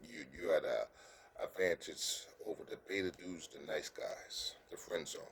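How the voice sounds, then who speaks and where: A man's voice: a bass voice, fairly bright tone, slight background noise. A man giving casual dating advice to the camera in an earnest, coaching way, often stumbling over words and checking "you understand?". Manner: halting, repeats words, keeps asking "you understand?".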